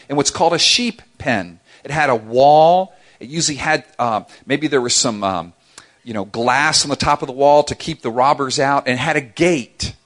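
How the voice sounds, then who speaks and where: A middle-aged man preaching a sermon as a pastor, telling stories with playful asides. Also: fairly high pitch. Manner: animated storytelling with playful asides.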